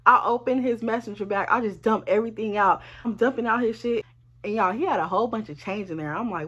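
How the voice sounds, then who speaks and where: Animated woman telling a storytime. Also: fairly high pitch, brisk, husky. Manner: animated, profane, talks straight to viewers. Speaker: vlogger. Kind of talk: casual storytime.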